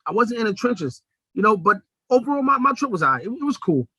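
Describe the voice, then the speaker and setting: A young man hosting a podcast, telling a comedic story in a profane, animated way and acting out the quotes. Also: high voice, fast, husky, no echo. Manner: animated, profane, acts out quotes in shifting voices. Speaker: podcast host.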